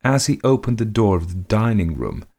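A man reading a period story aloud in measured, dramatic scripted narration. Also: lowish voice, big pitch swings, gravelly, warm tone.

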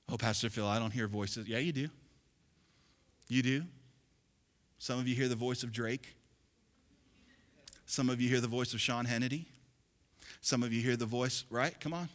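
A male pastor preaching a sermon, swinging from quiet asides to loud, shouted passages. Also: medium pitch.

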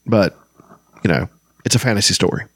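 A man reading a fantasy novel aloud and breaking off for casual, halting commentary. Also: on the low side, a bit bright, no echo, clean studio sound. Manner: casual, halting asides with fillers. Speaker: book reader and commentator.

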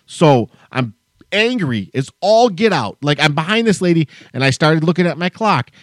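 A man's voice: fairly high pitch, sing-song, moderate pace, no echo, clean studio sound. A man co-hosting a podcast, telling a long story as a heated, profane rant. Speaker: podcast co-host. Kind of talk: casual chat, storytelling rant.

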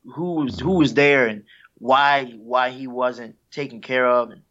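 A man's voice: mid-range voice, fairly even intonation, unhurried, fairly bright tone. Man telling heartfelt stories, dull lo-fi sound. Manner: reflective, heartfelt storytelling with easy laughs. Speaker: guest musician, saxophonist. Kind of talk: casual interview talk.

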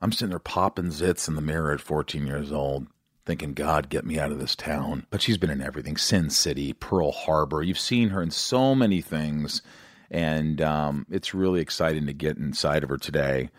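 A man's voice: very deep voice, moderate pace, no room sound, clean studio sound. A man hosting a podcast, reading an upbeat, promotional show introduction. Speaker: podcast host.

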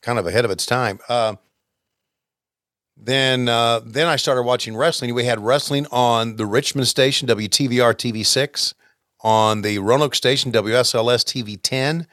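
A man's voice: mid-range voice, moderate pace, a bit bright, dry recording. Easygoing man reminiscing in dry chat. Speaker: podcast co-host. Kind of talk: casual chat.

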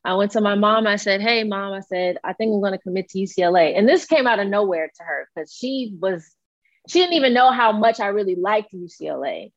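A young woman tells a story in an easygoing, rambling way, full of fillers, and she acts out the voices of the people in it. She speaks at a middle pitch. The sound is dry and a little dull. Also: a little fast, no room sound. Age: young adult. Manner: relaxed, filler-heavy, acts out quoted dialogue. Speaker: college basketball player. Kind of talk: casual interview storytelling.

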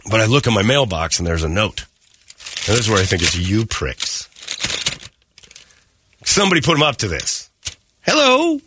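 A man in his fifties hosting a morning radio show, telling a story casually, profane and animated, acting out every voice. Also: fairly low pitch, moderate pace, long pauses, background noise. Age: 50s. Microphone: studio mic.

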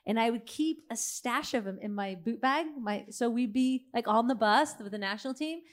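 A middle-aged woman hosting a live podcast, telling stories in an animated, laughing way. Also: on the high side, moderate pace. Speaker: podcast host. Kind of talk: live podcast chat before an audience.

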